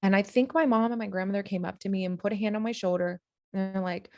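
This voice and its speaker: A woman's voice: mid-range voice, steady tone, fast talker, darkish tone, no echo, muffled recording. A woman on a podcast, telling a painful personal story in an earnest, emotional way, with many restarts. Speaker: podcast guest.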